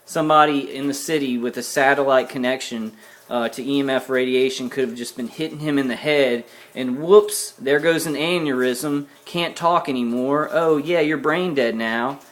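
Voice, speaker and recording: A man's voice: mid-range voice, steady tone, normal speed. A worn-out man ranting angrily to camera in a vlog, repeating himself and cussing. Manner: agitated, repetitive, cussing, ranting. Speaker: vlogger. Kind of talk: angry personal rant to camera.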